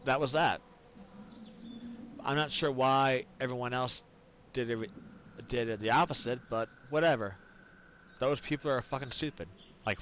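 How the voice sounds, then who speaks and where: A man's voice: mid-range voice, fairly bright tone, slight background noise, poor audio. A tipsy man, rambling and swearing through casual game commentary after some whiskey. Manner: rambling and profane. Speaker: gaming commentator.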